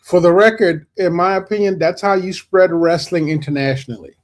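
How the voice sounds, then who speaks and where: A man's voice: high-pitched, brisk. A man co-hosting a wrestling podcast, talking casually in rambling runs with repeated restarts. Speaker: podcast co-host. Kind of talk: casual wrestling debate chat.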